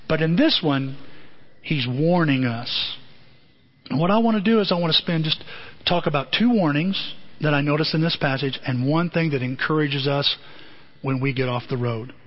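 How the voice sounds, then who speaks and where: A male pastor delivering a sermon with animated storytelling, acting out the people in his stories. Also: fairly high pitch, highs cut off.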